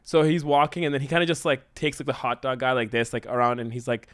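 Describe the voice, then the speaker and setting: A man brainstorming a story in casual chat, excitedly acting out the characters' lines. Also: mid-range voice, quick pace, clear, resonant tone, no echo. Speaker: co-host writing a musical.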